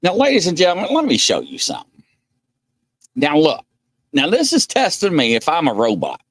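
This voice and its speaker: Male live-stream host, rambling casual chat, animated delivery, dry recording. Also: a little high, moderate pace, breathy edge, no room sound. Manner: rambling, laughs often, reads out viewer names.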